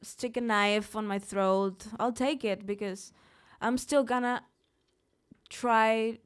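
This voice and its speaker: Her voice sits on the high side, clear and resonant, with a steady tone and an unhurried pace. This young singer from Mexico speaks candidly and emphatically in a live studio-event interview, frequently starting her words over mid-thought.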